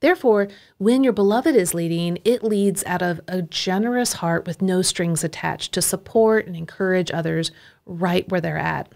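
A woman podcast host and coach, explaining ideas in a clear, teacherly way and listing traits one by one. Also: lowish voice, moderate pace, a little mellow.

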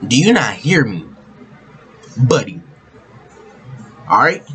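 Man, reaction host, casual chat, bouncy pitch, faint background hum. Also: sing-song, slow, long pauses, a bit bright, rough recording. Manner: laid-back, says "bro" constantly, laughing asides.

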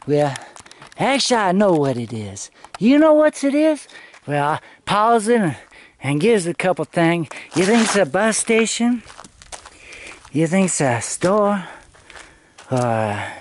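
A man vlogging outdoors on a hillside road, telling a rambling story and swearing freely as he talks to his viewers. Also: high-pitched. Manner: profane, loose, talks to viewers as he walks. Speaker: travel vlogger.

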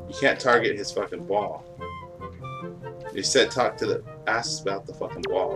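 A man's voice: sits low, normal speed, long pauses. A young man giving casual, profane, joking commentary while playing a video game at home. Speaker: gaming YouTuber. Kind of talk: casual let's-play commentary. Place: hot room at home with window closed. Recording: loud game music underneath.

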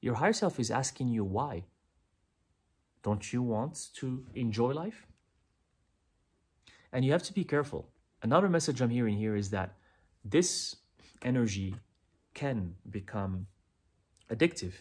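A man's voice: mid-range voice, lively intonation, a little slow, long pauses, darkish tone, breathy edge. A man giving a pick-a-pile tarot reading, speaking earnestly and directly to the listener, often repeating himself. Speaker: tarot reader.

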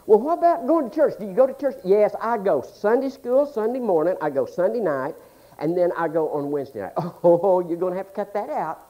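A man preaching a humorous sermon in a folksy, joking way, swinging between loud exclamations and hushed asides. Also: high voice, expressive, fairly quick, dull audio. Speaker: pastor.

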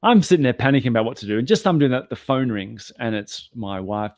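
A man who is the guest on a talk show, telling an animated, self-deprecating story. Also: mid-range voice, fast talker, dry recording. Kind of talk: anecdotal storytelling.

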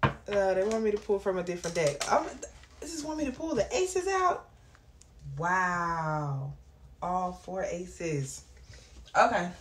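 A woman doing a casual tarot reading, chatty and prone to excited exclamations. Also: on the low side, slow, long pauses. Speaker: tarot reader. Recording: echoey room with clear background noise.

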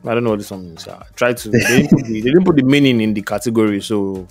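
A man's voice: fairly low pitch, fast. A man co-hosting a music podcast in casual chat, reading out lists of nominees and laughing often. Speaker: podcast co-host.

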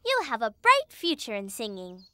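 A woman's voice: fairly high pitch, wildly swooping pitch, pushed and bright, clear, resonant tone, no room sound, clean studio sound, heavily acted. A woman voicing a cheeky, cheerful young female turtle in a dubbed cartoon, teasing her friends. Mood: chatty. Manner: cheeky, teasing, quick to joke. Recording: children's music under the voice. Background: children's music.

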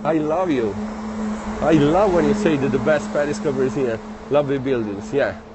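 A man with an Italian accent, chatting casually in a live stream while walking outdoors through city streets. He reads viewer comments aloud and speaks in a friendly, halting way. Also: mid-range voice, noisy background. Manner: friendly, chatty, halting non-native phrasing.

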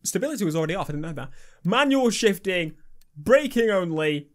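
A young man giving cheeky, sweary, excitable commentary while playing a video game. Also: sits high, a little fast. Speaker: gaming YouTuber. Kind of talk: casual gameplay commentary. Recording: game music playing underneath.

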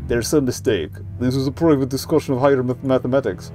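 A man's voice: mid-range voice, quick pace, music in the background, close to an everyday voice. A man playing a pompous elderly professor. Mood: condescending. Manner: haughty, condescending. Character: pompous elderly male math professor, dismissive.

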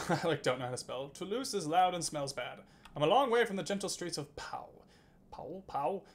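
A man's voice: a little high, animated, normal speed. A man streaming a video game, chatting casually, reading game text aloud, laughing and swearing now and then. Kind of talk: casual gameplay commentary.

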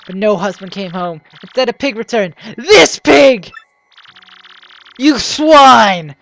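Worried game shopkeeper wife, read by a woman gamer, high lively voice, faint music. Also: takes it slowly, creaky, heavily acted. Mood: distraught. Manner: reading game dialogue aloud, plain delivery.

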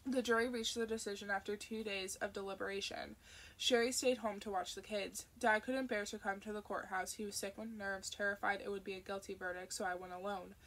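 A plain-spoken uncle who tells things in a steady, matter-of-fact way, as a woman reads him. The voice is gravelly and close to her own narration. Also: medium pitch, brisk.

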